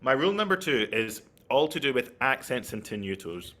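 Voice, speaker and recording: A man's voice: mid-range voice, very animated, normal speed, bright, forceful tone. A man giving an online flute masterclass, explaining technique and checking in with his listeners as he goes. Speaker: flute teacher.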